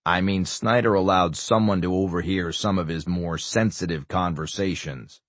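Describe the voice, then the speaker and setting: A man reading an audiobook, voicing a calm, calculating middle-aged official who speaks in a measured, businesslike way. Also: low-pitched, no room sound. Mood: grave. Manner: measured, businesslike, quietly controlling.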